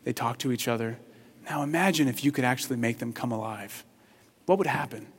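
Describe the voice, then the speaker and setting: A man preaching a sermon with passion, swinging between hushed, tender passages and loud, excited ones. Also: medium pitch, brisk, slightly rough, big-room sound. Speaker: pastor.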